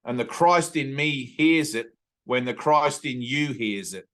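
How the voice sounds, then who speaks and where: An Australian man leading a spiritual satsang over a video call, talking earnestly and intimately and slowing right down to stress a point. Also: mid-range voice, fairly bright tone. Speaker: spiritual teacher. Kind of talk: satsang teaching talk.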